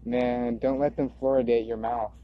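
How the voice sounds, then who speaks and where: A man's voice: mid-range voice, little pitch movement, moderate pace. A man rambling in a stream-of-consciousness monologue, drifting, repeating words and circling back on his thoughts. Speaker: video creator. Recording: dull lo-fi recording.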